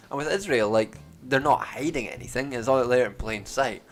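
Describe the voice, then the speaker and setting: A young man rambling on a live stream, sardonic and profane, halting and restarting often. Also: mid-range voice, soft background music. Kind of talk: casual rambling stream chat.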